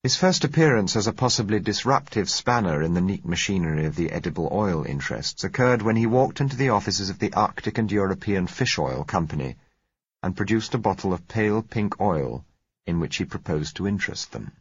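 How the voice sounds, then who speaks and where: Man narrating a novel, measured delivery, husky voice, dry close sound. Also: deep voice, animated, no room sound, highs cut off. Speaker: audiobook narrator. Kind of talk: scripted narration.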